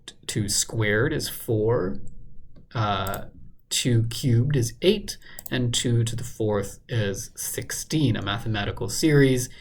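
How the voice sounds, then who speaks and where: Man, crossword solver, thinking aloud, muttering, hesitant, filler-heavy, mid pitch. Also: expressive, slow. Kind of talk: thinking aloud while solving a puzzle.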